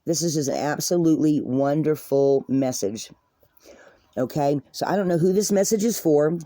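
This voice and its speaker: Woman tarot reader, earnest and rambling, warm mellow voice, dry close sound. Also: fairly low pitch, no room sound. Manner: earnest, repetitive, rambling, addresses viewers as guys. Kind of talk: spoken tarot reading to viewers.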